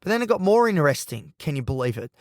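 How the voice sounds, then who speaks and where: A man's voice: fairly high pitch, sing-song, fast talker, darkish tone, dry recording, studio quality. A man hosting a podcast, speaking in a rambling, emotional, personal monologue, often breaking off and restarting his sentences. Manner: rambling, emotional, self-interrupting. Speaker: podcast host.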